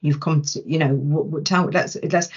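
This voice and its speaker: A woman with a husky, breathy voice talks through a coaching story, animated, stopping and restarting as she goes. The recording is dull and lo-fi, like a modest podcast setup. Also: low voice, normal speed. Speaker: coaching guest, change manager. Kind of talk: conversational podcast interview.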